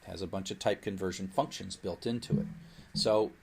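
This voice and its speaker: Gravelly low-voiced male lecturer. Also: fairly even intonation, brisk, a little mellow, a little hiss or hum. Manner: playful, voices the computer as a character. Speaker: programming lecturer. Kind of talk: recorded lecture.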